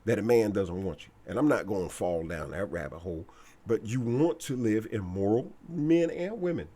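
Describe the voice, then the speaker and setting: A man's voice: medium pitch, darkish tone, slightly rough. A man delivering a blunt, repetitive, slangy preachy monologue as a commentator.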